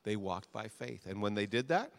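A middle-aged male pastor preaching a sermon, repeating short phrases and swinging from quiet to loud. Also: lowish voice, expressive, moderate pace, vocal fry.

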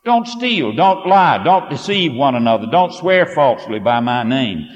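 A man delivers a sermon with emphatic, declaring force. His pitch swings widely, and his voice rings out into a long hall reverb, as in a church sanctuary. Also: big pitch swings, normal speed, lo-fi sound. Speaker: preacher. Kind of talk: sermon with scripture reading.

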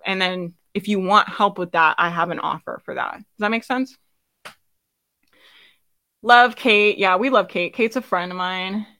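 A woman in her thirties coaching a live online group, chatty and quick to laugh, tired and losing her voice. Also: medium pitch, pushed and bright. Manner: chatty, laughs often, many fillers. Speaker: business coach hosting a live session. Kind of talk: casual live-stream coaching.

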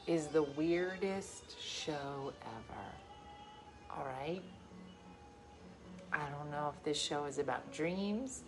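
A woman in her forties hosting a livestream, telling stories in a casual chat and swinging from loud bursts to hushed asides. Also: lowish voice. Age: 40s. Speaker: livestream host.

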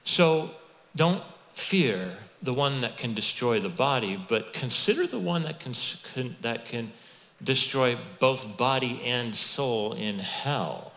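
A middle-aged man preaching a sermon as pastor, telling stories in a conversational, animated way with asides to the congregation. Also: medium pitch, takes it slowly. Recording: long hall reverb.

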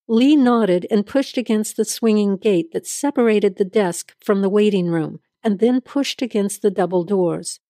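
Woman narrator for a story podcast; measured, steady, mid-pitched, dry close sound. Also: no room sound. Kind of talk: scripted narration.

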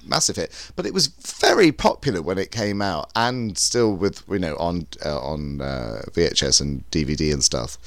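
A man's voice: sits low, a bit bright, dry recording. A man co-hosting a podcast, telling stories in a chatty, rambling way with many restarts. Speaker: podcast co-host. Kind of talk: casual chat.

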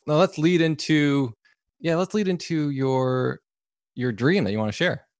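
A man hosting a casual interview, speaking haltingly with frequent restarts. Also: on the high side, no room sound, clean studio sound. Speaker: podcast host.

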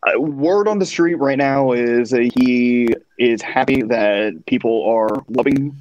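A man's voice: medium pitch, takes it slowly, a little mellow, highs cut off, slight background noise. A man chatting casually, hesitant and full of fillers. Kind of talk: casual chat.

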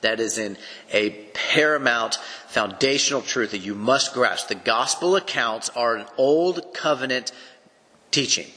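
A man's voice: mid-range voice, measured pace, bright, forceful tone. East Texas male Bible teacher, earnest and emphatic, in a reverberant space. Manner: earnest, emphatic, explains step by step. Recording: long echoing reverb.

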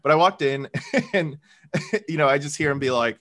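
Chatty man co-hosting a podcast. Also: fairly high pitch. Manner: animated retelling, quick voiced asides. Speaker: podcast co-host. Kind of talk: casual chat recapping a TV episode.

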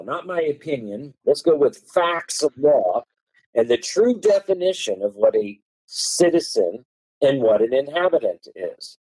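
A man's voice: mid-range voice, sing-song, unhurried, darkish tone, breathy edge, dry recording, poor audio. A man as a podcast guest, explaining legal texts and reading them aloud, stressing key words with marked tone changes. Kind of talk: explaining law in a podcast conversation.

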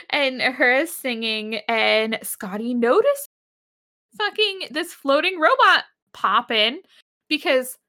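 A woman's voice: high voice, slow pace. A young woman co-hosting a podcast, retelling an episode casually with lots of laughing and swearing. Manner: giggly, swearing, animated retelling. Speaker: podcast co-host.

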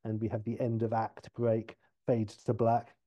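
A man casually retelling a TV episode idea in a loose, rambling storytelling pitch. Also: monotone, unhurried, muffled recording. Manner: loose, filler-heavy retelling. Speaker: podcast host pitching a TV episode.

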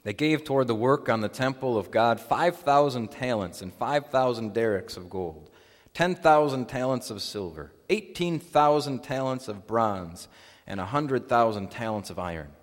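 A man serving as pastor, leading a baptism liturgy, prayers and a scripture reading in a solemn, measured way inside a church. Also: mid-range voice, animated. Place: church sanctuary. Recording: long reverb of a church hall.

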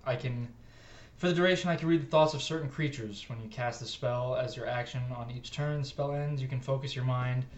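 A man's voice: medium pitch, fairly quick, slight background noise. Man, tabletop player, joking, reads rules, echoey, dull audio. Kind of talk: casual tabletop play.

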